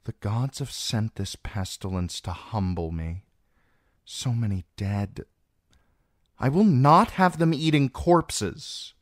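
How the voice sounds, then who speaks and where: A man's voice: lowish voice, expressive, slow, no room sound, studio quality, pitched above the performer's own voice. A man voicing a young queen who speaks with bitter, resolute command in an audiobook reading. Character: young grieving queen, woman, proud and commanding.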